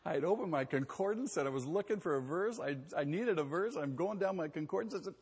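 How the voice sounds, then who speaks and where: A pastor preaching a sermon, emphatic, asking rhetorical questions and swinging between quiet and loud. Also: male voice, fairly high pitch, lively intonation, moderate pace, creaky, breathy edge, in a large hall.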